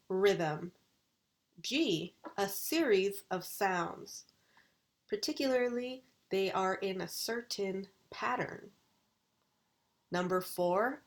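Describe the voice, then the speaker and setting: A woman university English lecturer recording a video lesson, enunciating vocabulary words slowly and deliberately. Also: medium pitch, fairly bright tone.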